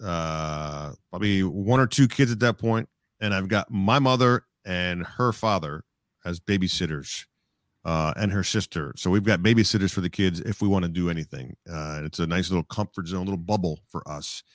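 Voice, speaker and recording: A man's voice: sits low, moderate pace, no room sound, studio quality. A middle-aged man, a sportscaster, telling stories in a casual interview, rambling and reflective with many restarts. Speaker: sportscaster guest.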